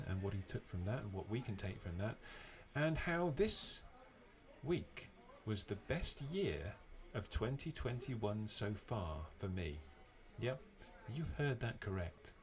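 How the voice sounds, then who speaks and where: A British man hosts a podcast from his home, his voice sitting a little low. He talks in a relaxed, chatty way, trailing into fillers and restarts. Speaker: podcast host. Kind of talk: casual chat and scripted episode intro. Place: home, remote call.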